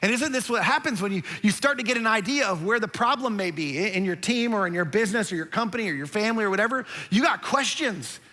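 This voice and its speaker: A man preaching a sermon as a pastor, telling a story with animated emphasis and speaking softly and earnestly when he turns to his listeners. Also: sits high, fast talker, hardly any pauses. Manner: drops to a soft, earnest tone when addressing listeners directly.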